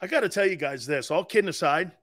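A man's voice: high voice, lively intonation, fast, a bit bright. A man hosting a sports talk show, delivering a brash, opinionated monologue that rambles and repeats its points.

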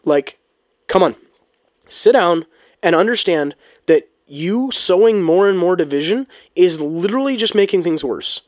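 A man's voice: high-pitched, lively intonation, measured pace, darkish tone, dry recording, studio quality. A man giving a heated, casual opinion monologue on politics, swearing often and restarting his sentences. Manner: heated, ranting, swears, frequent restarts and ums. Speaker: political commentator.

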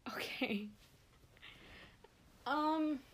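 A woman's voice: sits high, extremely slow. A young woman hosting her own podcast, talking in an earnest, rambling and openly emotional way. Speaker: podcast host. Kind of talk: casual podcast monologue.

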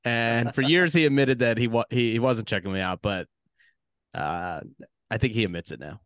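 A man co-hosting a podcast in casual chat, talking in halting bursts with many fillers. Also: mid-range voice, a bit bright, smooth, dry recording, studio quality. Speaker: podcast co-host.

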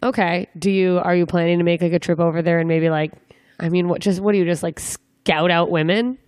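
A woman's voice: lowish voice, steady tone, brisk, darkish tone, dry recording, clean studio sound. A young woman interviewing a guest in a casual, joking way, full of rambling asides.

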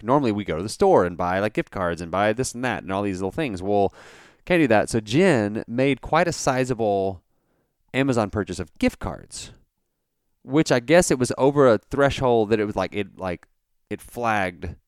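Smooth low-voiced man telling a story. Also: dry recording, studio quality. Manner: animated storyteller with many fillers. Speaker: podcast host. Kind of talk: casual storytelling.

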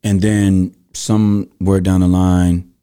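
A man's voice: low voice, level tone, slow pace, mellow, smooth. A man hosting a podcast, asking questions in a thoughtful, storytelling way with restarts. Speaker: podcast host. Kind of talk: casual interview chat.

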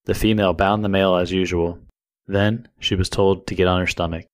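A man co-hosting a podcast, reading true crime case details in a steady, even way. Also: sits low, brisk. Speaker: podcast co-host.

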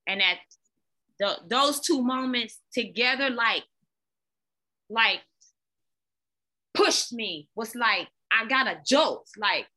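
A woman guest, a fitness coach, telling her own story candidly, animated and often repeating words. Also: on the high side, takes it slowly, pauses often. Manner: animated, repeats words, talks to listeners as "y'all".

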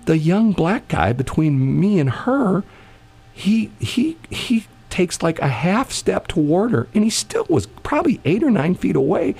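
A man's voice: high-pitched, big pitch swings, measured pace, vocal fry, a little mellow, slightly rough. A man casually telling a long anecdote in conversation, rambling with many restarts and bursts of laughter. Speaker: storyteller in a conversation.

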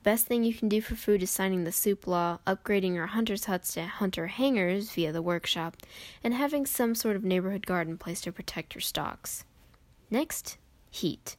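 A woman's voice: mid-range voice, animated, moderate pace, no room sound. A woman reading her own written game guide aloud, recorded on her phone in her bedroom, with rambling, self-deprecating asides.

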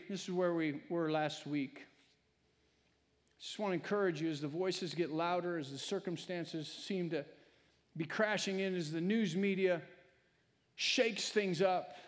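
A male pastor preaching a sermon, swinging between loud, emphatic lines and hushed, quiet ones. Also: high-pitched. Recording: long hall reverb.

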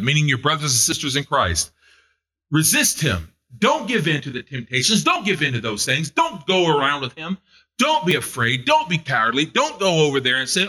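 Male preacher, fervent sermon delivery, lively swooping pitch, repeats lines for emphasis. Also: moderate pace. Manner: fervent, building to loud exhortation.

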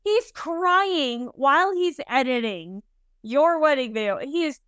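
Animated high-voiced woman. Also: unhurried, no echo, clean studio sound. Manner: animated, gushing, swears casually. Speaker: co-host. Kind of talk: casual storytelling chat.

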